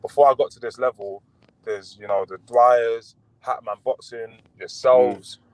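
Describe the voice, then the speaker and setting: A young man, a boxer talking casually as an interview guest over a video call, relaxed and rambling with lots of fillers and restarts. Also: medium pitch, measured pace, no echo, rough recording.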